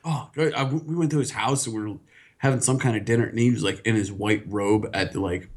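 A man's voice: mid-range voice, steady tone, fairly quick. A man co-hosting a podcast, telling crude, jokey stories and laughing often in casual chat. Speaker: podcast co-host.

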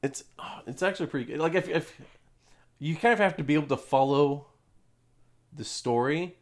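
A man's voice: on the high side, normal speed. A young adult man co-hosting a podcast, chatting casually and rambling with frequent restarts and laughs. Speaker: podcast co-host. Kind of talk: casual chat.

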